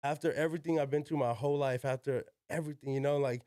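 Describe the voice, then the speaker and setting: Brief: young adult man, podcast guest, clear resonant voice, dry close sound, loose slangy storytelling with cursing. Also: a little high, steady tone, fast talker, dark tone, no room sound. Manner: slangy, peppered with "yo" and "like", swears freely. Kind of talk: casual storytelling.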